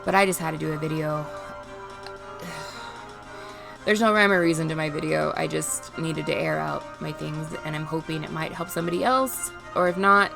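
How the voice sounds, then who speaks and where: A woman vlogging unscripted while grieving, near tears, pleading and halting with restarts. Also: low-pitched, steady tone, creaky, over music. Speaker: streamer and vlogger. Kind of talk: unscripted emotional vlog.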